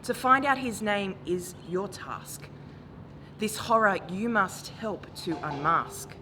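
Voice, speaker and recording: A woman in her forties performing a spoken word poem with a measured, grave delivery that rises to impassioned calls. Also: medium pitch. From Australia. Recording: noisy recording with traffic ambience.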